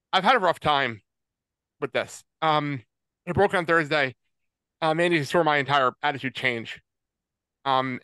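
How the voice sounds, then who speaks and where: A man in his forties co-hosting a podcast, halting and choked up, with many pauses and fillers. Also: mid-range voice, pushed and bright, clear, resonant tone, no echo. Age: 40s. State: tearful, choked up. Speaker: podcast co-host. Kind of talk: casual podcast chat.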